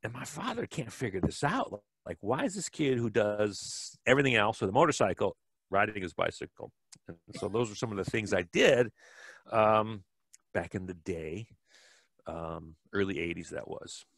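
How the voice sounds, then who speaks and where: Middle-aged man, from Wisconsin, casual rambling storytelling, fillers and restarts, lowish pitch, dry recording. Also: animated, moderate pace, a bit bright, husky, dry recording. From Wisconsin, USA. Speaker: podcast guest, bike fitter.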